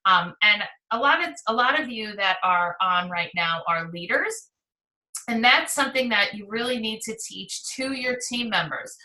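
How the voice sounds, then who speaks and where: Brief: upbeat woman in her 40s, sales team trainer, bright tone, distant and echoey. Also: medium pitch, animated, moderate pace. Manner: enthusiastic, coaching. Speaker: direct sales team leader. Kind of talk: live training talk. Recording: roomy echo, distant from mic.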